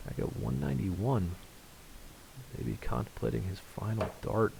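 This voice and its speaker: A man's voice: lowish voice, measured pace, vocal fry, background noise. A man commentating live on an online darts match, calling scores and reading out viewer chat in a conversational way. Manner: voice rises sharply on big finishes.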